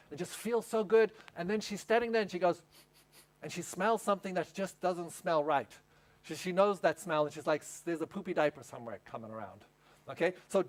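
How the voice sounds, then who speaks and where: A male pastor preaching at a camp meeting, telling a story and asking the audience questions. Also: high voice. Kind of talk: sermon.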